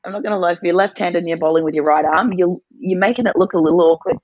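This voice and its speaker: A woman's voice: lowish voice, racing, no echo, highs cut off. A woman co-hosting a morning mindset session, telling a family story in a chatty, rambling way and laughing often. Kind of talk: casual chat, storytelling.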